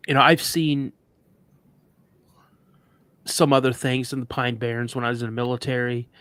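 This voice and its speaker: A man's voice: mid-range voice, moderate pace, smooth, no room sound. A man, a guest recounting a frightening encounter, acting out the voices of others and getting emotional. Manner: animated retelling with quoted dialogue, emotional. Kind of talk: emotional storytelling on a live show.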